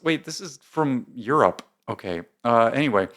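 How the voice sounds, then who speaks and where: A man's voice: medium pitch, lively intonation, measured pace, hardly any pauses, fairly bright tone. A man hosting casual commentary, reading posts aloud with bemused, rambling asides and many fillers. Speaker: commentary host.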